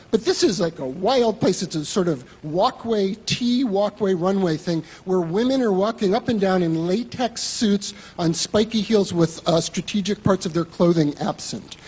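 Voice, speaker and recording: A man with a high, husky voice tells a live stage story in a wry, self-mocking way, cursing freely. His pitch swings widely, rising and falling through each sentence. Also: a little mellow, long reverb tail. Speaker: magazine writer telling a story on stage.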